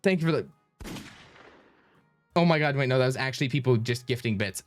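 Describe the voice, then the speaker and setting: Man, streamer, live-stream chatter, flustered, rambling, mid pitch, faint background music. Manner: flustered, rambling while fiddling with settings.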